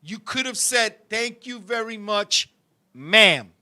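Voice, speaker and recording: A man's voice: high voice, expressive, slow, sharp tone. A middle-aged man hosting a live-stream talk show, telling a story in a heated, profane way and talking to his co-host and viewers.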